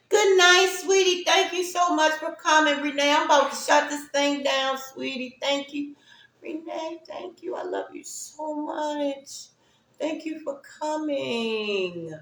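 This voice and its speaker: A woman chatting on her own livestream in an easygoing, reflective way, speaking straight to the viewers and breaking into laughs now and then. Her voice sits at an ordinary middle pitch, and the recording carries a noticeable roomy echo. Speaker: livestream host. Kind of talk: casual livestream chat.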